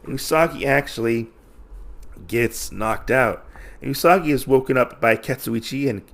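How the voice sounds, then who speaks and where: Podcast host, male, mid-pitched and gravelly, loose chatty recap with lots of "like" and "uh". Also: normal speed. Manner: rambling, heavy on fillers and restarts. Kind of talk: casual comic book recap.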